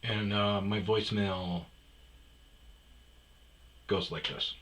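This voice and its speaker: Low, bright-voiced man rambling through stories. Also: little pitch movement, slow, a little hiss or hum, poor audio. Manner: rambling, with frequent "uh" and restarts; mimics other people in a higher voice. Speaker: podcast host. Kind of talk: casual personal storytelling.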